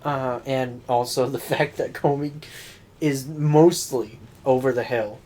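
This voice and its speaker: A man's voice: medium pitch, steady tone, takes it slowly, dark tone. A man co-hosting a podcast, joking and laughing often in casual chat about anime. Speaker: podcast co-host.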